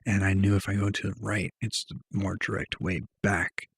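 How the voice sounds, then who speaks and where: Speaking at a moderate pace in a low, creaky, husky voice with little pitch movement, this young vlogger rambles through a personal story to camera, using slang and lots of fillers. The recording is dry.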